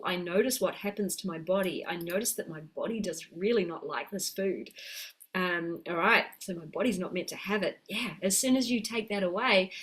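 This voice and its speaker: A middle-aged woman, coaching viewers gently in a live stream and reading their comments aloud. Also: fairly high pitch. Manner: warm, encouraging, reads viewer comments aloud. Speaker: health coach. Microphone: webcam mic on a video call.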